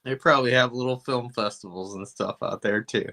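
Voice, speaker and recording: A man co-hosting a movie podcast, laid-back and teasing, talking in halting casual banter. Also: mid-range voice, pushed and bright. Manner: laid-back, ribbing, hesitant with fillers. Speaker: podcast co-host.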